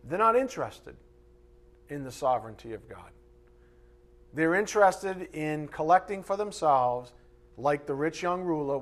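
Male pastor, sermon delivery, slightly high-pitched, animated with mimicking asides. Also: a little slow, long pauses. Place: church or teaching room with a board.

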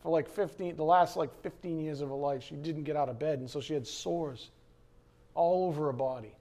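A middle-aged pastor delivers his sermon in a lively, conversational way, full of asides to the listeners. His voice sits a little on the high side for a man. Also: a little fast. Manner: animated and conversational, with frequent asides.

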